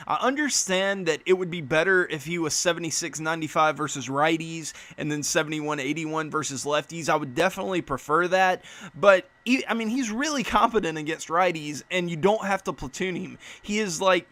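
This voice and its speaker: A young man giving casual gaming commentary as a YouTuber, blunt and profane, quick to break into a rant. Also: a little high, a bit bright, no echo. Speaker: gaming YouTuber reviewing player cards.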